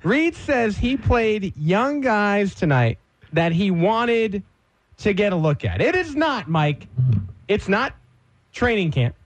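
A man's voice: sits high, very animated, slow pace, no room sound. A man on a sports radio show reading a tweet aloud and arguing in an exasperated, emphatic way.

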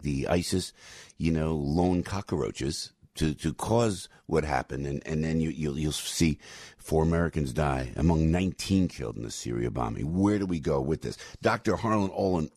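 A male radio host delivers a rambling, emphatic monologue into a studio mic. His voice is husky and dry, with pitch that leaps and swings widely as he gets fired up. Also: a little mellow, no room sound. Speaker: radio talk show host. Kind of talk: opinionated talk radio monologue.

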